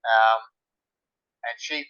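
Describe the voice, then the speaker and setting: A man's voice: lowish voice, steady tone, very slow, pushed and bright, clean tone. An Australian man in his sixties, a guest in a casual conversation, laid-back, mostly giving short agreeing replies. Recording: dry, slightly muffled recording.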